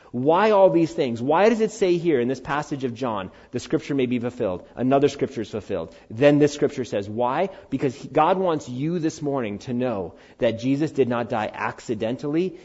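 A middle-aged man preaching a sermon, earnest and animated, swinging from loud, high emphasis down to quiet, low conviction. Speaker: pastor. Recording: dull, slightly lo-fi sound.

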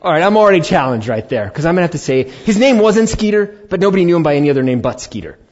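Lively middle-aged pastor telling a story. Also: male voice, on the high side, racing. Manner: animated, conversational, acts out dialogue. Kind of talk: personal story in a sermon. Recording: dull lo-fi recording.

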